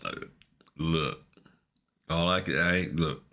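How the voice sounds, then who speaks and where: Casting: low-voiced middle-aged man, relaxed slangy podcast storyteller. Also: takes it slowly. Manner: laid-back, laughing, slangy storyteller. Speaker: podcast co-host. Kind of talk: casual storytelling chat.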